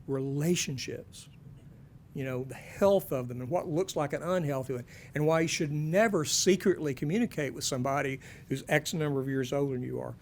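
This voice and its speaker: A man's voice: fairly high pitch, darkish tone, a little hiss or hum. A man giving a conversational talk to parents, with folksy joking asides.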